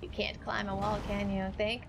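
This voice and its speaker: A woman live-streaming a video game, chatting with her viewers, rambling and emotional, then excitable during play. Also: mid-range voice, moderate pace, vocal fry, very noisy. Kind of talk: live gameplay stream chat. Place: home streaming setup.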